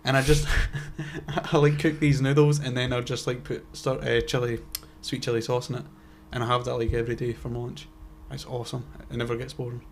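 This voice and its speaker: A man's voice: medium pitch, flat delivery, brisk. Scottish man, young adult, podcast co-host, sweary, self-mocking, rambling, slight hiss. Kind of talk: casual chat.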